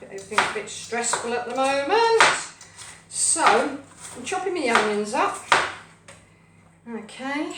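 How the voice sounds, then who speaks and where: A rambling, cheerful woman hosts a home cooking stream and chats to her viewers and pets as she works. Her voice sits a little high. She is a step back from the mic in an echoey kitchen, with a faint hum behind her. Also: far from the mic. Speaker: host of a live cooking stream. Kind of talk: chatty live cooking stream.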